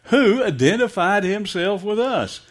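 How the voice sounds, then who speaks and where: A man's voice: high voice, sing-song, unhurried. A middle-aged pastor preaching a sermon, emphatic and asking his congregation direct questions.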